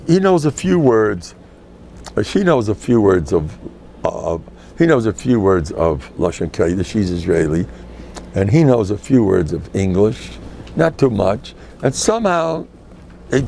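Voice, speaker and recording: An older man, a rabbi, lectures to a live audience in a lowish, creaky, darkish voice, with a little hiss or hum on the recording. He jokes, tells stories, and acts out the people he quotes.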